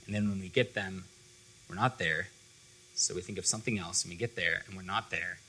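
A man's voice: sits low, fairly quick, sharp tone, breathy edge, poor audio. A young man giving a casual, conversational sermon to a student fellowship, full of "like" and loose asides. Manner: conversational, filler-heavy with frequent "like".

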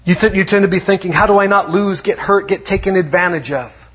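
A man preaching a lively sermon, acting out little quotes as he goes. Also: high voice, brisk, breathy edge. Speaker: pastor. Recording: dull lo-fi sound.

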